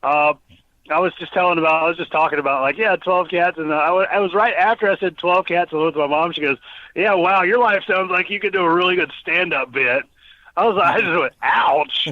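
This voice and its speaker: A man co-hosting a podcast, telling stories in a casual, animated way and acting out the quotes. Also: high voice, fast, no room sound, muffled recording. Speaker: podcast co-host.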